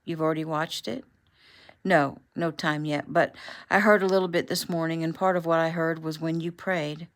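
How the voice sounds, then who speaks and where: Brief: steady, matter-of-fact male agent, lowish voice, read by a woman. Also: moderate pace. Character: calm, steady adult male federal agent.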